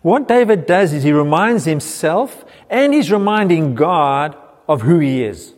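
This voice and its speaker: A middle-aged man preaches as pastor, earnestly working through a passage and quoting scripture. His voice sits a little high for a man. Long reverb from the church hall trails each phrase. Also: animated, measured pace, a little mellow. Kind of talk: sermon.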